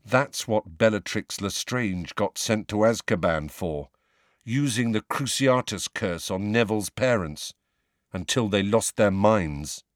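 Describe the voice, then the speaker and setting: A glum, subdued teenage boy speaks quietly in a low voice, read by a male narrator. The storybook reading sounds close and dry. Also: lively intonation, a little slow, dry recording.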